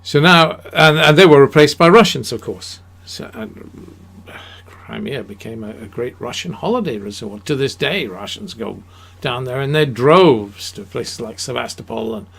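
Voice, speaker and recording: A man's voice: mid-range voice, animated, moderate pace, vocal fry, a bit bright. A man giving an unscripted history talk, rambling and emphatic, with many fillers and restarts. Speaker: history lecturer.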